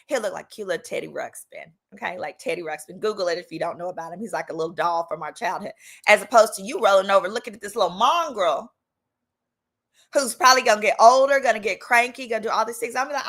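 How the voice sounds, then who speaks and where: A woman in her thirties casually telling a personal story with sass, acting out other people's lines. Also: mid-range voice. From Texas. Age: 30s. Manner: animated, sassy, acts out quotes in different voices. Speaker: legal commentary host.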